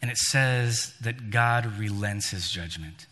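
A man's voice: on the low side, slow pace, sharp tone. A man preaching a sermon, telling a story and acting out the lines he quotes with emphasis that rises and falls. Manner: storytelling, voices quoted figures with rising and falling emphasis. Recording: long hall reverb.

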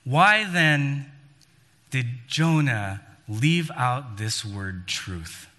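Bright-voiced man preaching in a reverberant hall. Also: medium pitch, lively intonation, extremely slow. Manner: storytelling, voices quoted figures with rising and falling emphasis. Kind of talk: sermon.

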